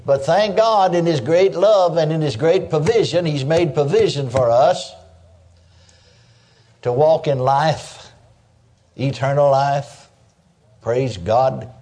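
A man's voice: on the high side, mellow. A man preaching a sermon, emphatic, breaking in with cries of praise and calling on listeners to answer him. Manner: calls for audience response.

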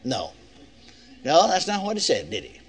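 A man's voice: on the high side, wildly swooping pitch, normal speed. An older man preaching a sermon in a folksy way, often putting rhetorical questions to his congregation.

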